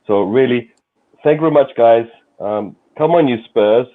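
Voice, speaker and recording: Londoner on a tinny phone-like line. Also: male voice, mid-range voice, moderate pace. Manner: warm, courteous sign-off, repeats words. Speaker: guest on a fan stream. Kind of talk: casual livestream chat. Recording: tinny phone-like call audio.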